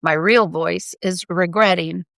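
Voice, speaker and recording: A woman's voice: lowish voice, fairly even intonation, a little slow, creaky, fairly bright tone, dry recording. A woman co-hosting a podcast in casual chat, talking emphatically and laughing often. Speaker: podcast co-host.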